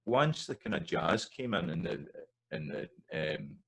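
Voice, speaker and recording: Low gravelly Scottish man teaching. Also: big pitch swings, low-quality recording. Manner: thoughtful, halting explanation with many restarts and fillers. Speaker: language teacher. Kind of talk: educational explanation with sung and recited examples.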